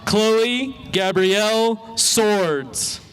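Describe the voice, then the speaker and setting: Man, announcer, reading graduates' names, measured delivery, outdoor ceremony. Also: high-pitched, expressive, fairly bright tone. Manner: measured, pronounces each name carefully. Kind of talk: slow, deliberate name reading.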